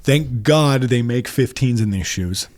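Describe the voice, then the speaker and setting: A man, a podcast guest, telling his story in a rambling, halting way with many restarts. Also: mid-range voice, darkish tone, no echo, studio quality. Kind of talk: casual storytelling interview.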